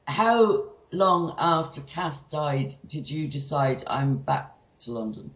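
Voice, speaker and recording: A man's voice: a little high, lively intonation, slow pace, a bit bright, reverberant, lo-fi sound. A man interviewing a guest in casual, chatty talk, telling anecdotes. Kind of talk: casual chat.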